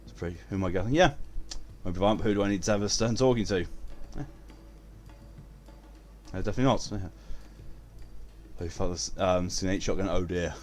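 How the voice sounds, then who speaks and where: A man's voice: low-pitched, a little fast, pauses often, darkish tone, faint music behind. Sweary, chatty male game streamer. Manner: blunt and sweary, chatting with viewers while playing. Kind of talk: casual live-stream chat.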